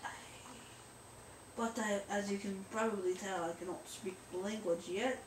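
A woman's voice: mid-range voice, steady tone, normal speed. A woman hosting a let's play, rambling and joking at her own expense in casual gameplay commentary. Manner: rambling, jokey and self-mocking. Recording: roomy echo, distant mic, faint noise.

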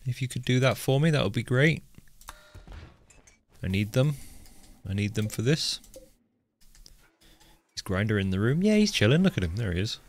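A man's voice: medium pitch, very animated, normal speed, pauses often. A man giving live commentary while playing a colony game, chatty and joking, talking to his in-game characters as he goes. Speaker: game streamer.

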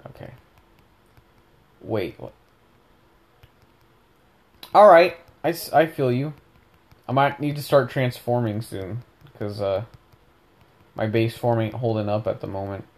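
A man's voice: mid-range voice, slow pace, pauses often. A young man casually commentating his own gameplay, joking around, rambling and correcting himself as he goes. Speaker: gaming video host.

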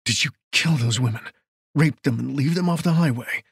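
A man's voice: medium pitch, moderate pace, creaky, husky, no room sound, studio quality. Man playing a commanding sheriff. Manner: commanding, urgent. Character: protective male sheriff, fierce and commanding.

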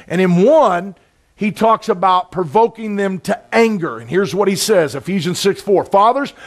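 A middle-aged man preaching a sermon in a conversational, intense way, with sudden loud bursts. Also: high-pitched. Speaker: pastor.

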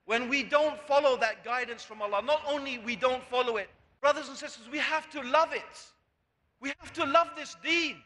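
A man delivers a sermon in a high, bright voice, pressing his listeners with one rhetorical question after another. He is recorded in a large lecture hall, and a long reverb trails behind every phrase. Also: moderate pace, a little hiss or hum. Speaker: preacher.

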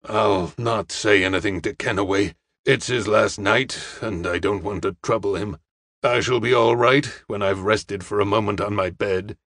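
A man voicing a sick male lawyer who speaks low and subdued. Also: fairly even intonation, moderate pace, fairly bright tone, no room sound, studio quality. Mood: weary. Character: weary ill male lawyer, quiet and reserved.

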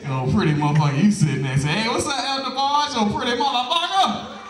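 A man's voice: extremely high pitch, quick pace, very noisy. A man doing a stand-up routine, teasing the audience and laughing between jokes. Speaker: stand-up comedian. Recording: echoey club from far off, crowd and music.

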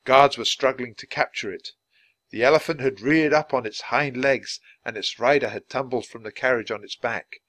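A man reading a children's chapter book aloud clearly, for language learners. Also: mid-range voice, moderate pace, fairly bright tone, no echo. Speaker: storybook reader.

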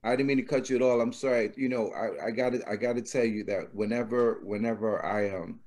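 A man with a somewhat low voice interviews a guest in an earnest, reflective way. His phrasing is loose and casual. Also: fairly even intonation, a little fast, a little mellow. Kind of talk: conversational interview.

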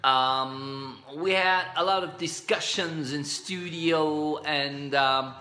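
Slow, bright-voiced middle-aged man. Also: a little high, fairly even intonation. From Spain. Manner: chuckling, meandering, full of fillers. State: slightly hoarse. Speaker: singer recalling his recording career. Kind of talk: casual storytelling to camera. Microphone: camera mic.

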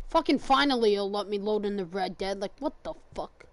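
A woman's voice: mid-range voice, a little fast, few pauses. A woman live-streaming a game, raging and swearing at her chat. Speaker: gaming streamer.

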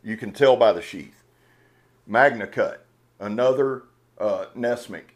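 A man's voice: fairly low pitch, unhurried. A man hosting a knife channel, talking in a casual, earnest and emotional way, rambling with restarts. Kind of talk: casual unboxing vlog talk.

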